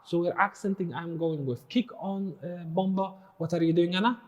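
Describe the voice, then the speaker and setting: A man's voice: sits high, fairly even intonation, normal speed. Man teaching dance, vocalizing rhythms. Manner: counts and sings drum rhythms aloud. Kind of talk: follow-along dance lesson.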